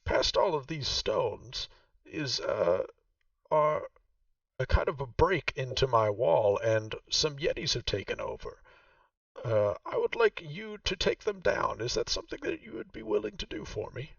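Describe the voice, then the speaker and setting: Man doing a sweet high witch voice, coaxing, lively pitch, lo-fi distant mic. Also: unhurried, creaky, dry recording. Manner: high lilting sing-song pleading.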